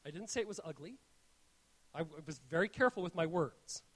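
A man with a notably high voice delivers a sermon to his congregation. He speaks earnestly and tells stories as he goes, and his phrases often stumble and restart. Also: expressive, brisk, fairly bright tone. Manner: earnest, storytelling, frequent restarts. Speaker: pastor. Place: church.

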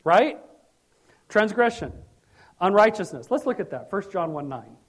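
A middle-aged man preaching a sermon as pastor, animated and joking, with sudden loud bursts. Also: sits high, measured pace, slightly rough.

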